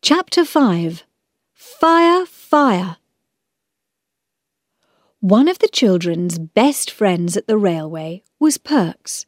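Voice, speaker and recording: Woman reading a storybook, slow, lively pitch, dry close sound, clear and measured. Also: dry recording. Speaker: narrator.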